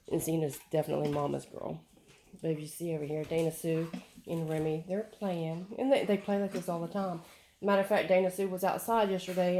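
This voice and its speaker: A low-voiced woman trainer rambles in a folksy, affectionate way while chatting among her dogs at home. A faint hiss of background noise sits under her voice. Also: mellow. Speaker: dog trainer and breeder. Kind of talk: casual home vlog.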